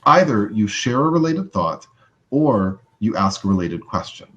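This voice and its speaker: Male social skills trainer, low-pitched and casual, teaching over slightly muffled webinar sound. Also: big pitch swings, a little slow, fairly bright tone. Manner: casual and conversational, many fillers, mimics overreactions in a high voice.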